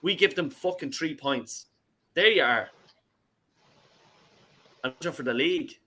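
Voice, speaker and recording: A man's voice: a little high, lively intonation, a little slow, bright, forceful tone, breathy edge. A man hosting a football call-in show, ranting angrily and swearing about his team. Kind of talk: heated football call-in chat.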